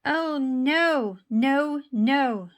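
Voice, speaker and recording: A woman voicing a busy, cheerful male house painter in a children's storybook, speaking in bright, eager exclamations. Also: fairly high pitch, drawn-out words, voice pushed up. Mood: alarmed.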